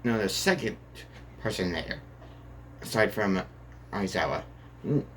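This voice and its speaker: A man improvises a fan story aloud, rambling and restarting with constant casual fillers. His voice sits low. A faint hiss runs under the recording. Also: expressive, unhurried. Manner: rambling, full of "and yeah, like" fillers.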